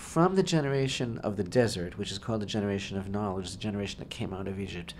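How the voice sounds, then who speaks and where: A man's voice: lowish voice, fast talker, a little mellow, slight background noise. A man co-hosting a Torah discussion on talk radio, speaking expansively and emphatically and often repeating his phrases. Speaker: rabbi co-host.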